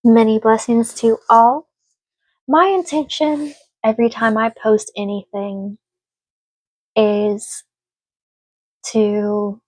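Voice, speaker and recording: A woman's voice: medium pitch, no echo. A woman giving a casual spoken tarot reading, earnest and emotional, speaking reassuringly to her listener. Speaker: tarot reader.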